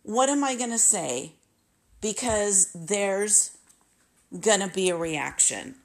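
A woman's voice: mid-range voice, expressive, slow pace. A woman in her late fifties telling a personal story in a candid, emotional way, often repeating herself. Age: 50s. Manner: candid, emotional, repetitive retelling.

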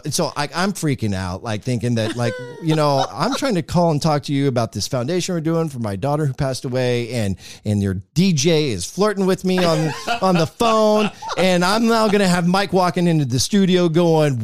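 A man's voice: on the high side, normal speed, hardly any pauses. A man hosting a podcast in a studio, telling a story casually and acting out quotes in a raised voice. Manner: animated, acts out quotes in a raised voice. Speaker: podcast host, former radio personality.

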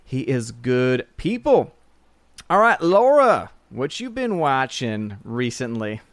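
A man hosting a live stream in casual chat, joking and talking in a slightly halting way. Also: mid-range voice, very animated, no echo. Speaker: stream host.

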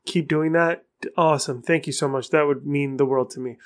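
A man's voice: on the high side, steady tone, brisk. A man hosting his own podcast, talking alone in a rambling, frank way and cursing for emphasis. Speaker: podcast host. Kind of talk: casual solo podcast monologue.

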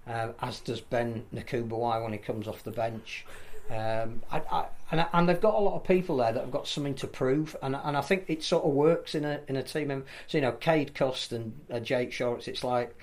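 A man, talking through rugby league as a pundit in a casual podcast chat, measured and full of restarts. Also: mid-range voice, fairly even intonation. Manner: thoughtful, measured analysis with frequent restarts.

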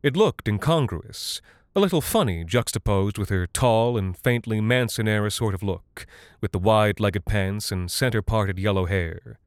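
Low-voiced man narrating a dark tale. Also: moderate pace, no room sound, clean studio sound. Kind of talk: scripted literary narration.

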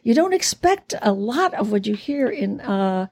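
A woman's voice: fairly high pitch, big pitch swings, a little slow, darkish tone. A woman in her eighties, a guest actress chatting in an interview in a theatrical way, often laughing. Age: 80s. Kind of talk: casual interview chat.

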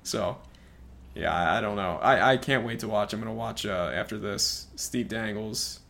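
A man's voice: on the low side, normal speed, vocal fry, fairly bright tone. A man co-hosting a podcast, talking casually and hesitantly with many fillers. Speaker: podcast co-host. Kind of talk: casual sports chat.

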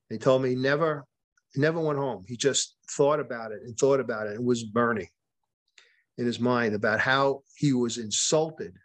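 A man, a podcast guest and author, telling a long story in a conversational way, often restarting and repeating words and quoting what people said. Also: medium pitch. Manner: retells events with quoted dialogue.

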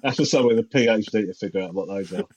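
A man co-hosting a podcast, teasing his partner with quick retorts in casual comedic chat. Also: on the low side, darkish tone, breathy edge. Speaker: podcast co-host. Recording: slightly dull lo-fi sound.

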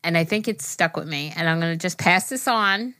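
Woman in her thirties, podcast co-host, lower voice, bright and forceful, dry close sound, blunt and sweary. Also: a little fast, no echo. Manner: frank, swears freely, talks about her kids. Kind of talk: casual podcast chat.

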